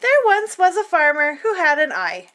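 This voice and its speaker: A woman reading a picture book aloud to children in an expressive, playful storytelling manner. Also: high-pitched, moderate pace.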